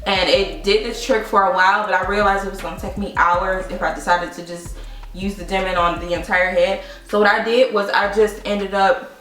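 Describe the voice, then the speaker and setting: A young woman chats through a beauty product review, spinning an animated story and laughing often as she talks to her viewers. Her voice sits a little back from the mic in a roomy, echoing space. Soft music plays faintly underneath. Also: mid-range voice, normal speed, far from the mic. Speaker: beauty vlogger. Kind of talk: casual chatty product review.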